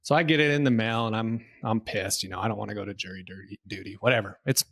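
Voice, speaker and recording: A man co-hosting a casual podcast, telling stories in an animated way and acting out the voices of the people he talks to. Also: on the low side, quick pace, creaky. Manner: animated storyteller, acts out phone callers. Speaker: podcast co-host. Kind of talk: casual conversational podcast chat.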